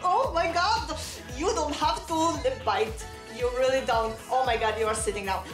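A woman's voice: sits high, animated, normal speed, echoey room. A woman gushing breathlessly and giggling as she reacts to a music video in her vlog. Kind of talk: excited fan reaction vlog.

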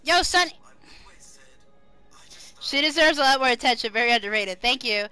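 Excitable high-voiced young woman streamer. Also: moderate pace, smooth. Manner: excitable, swears freely, sings along with music. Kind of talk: casual live-stream chat.

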